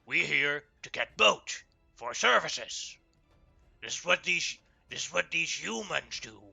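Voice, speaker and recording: A man's voice: a little high, lively intonation, a little slow, creaky, sharp tone, slightly rough, soft background music, heavily acted. A man voicing a brash, boastful male lizardfolk raider leader who talks in blunt, broken sentences during live tabletop role-play. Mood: cocky. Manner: blunt broken speech, cocky and dismissive.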